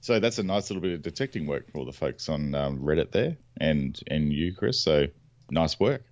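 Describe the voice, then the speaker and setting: A man co-hosting a podcast, with a deep voice whose pitch moves around a lot. He mostly agrees with short replies and chips in brief remarks. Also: lively intonation, moderate pace, a little mellow, dull audio. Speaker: podcast co-host. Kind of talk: casual chat.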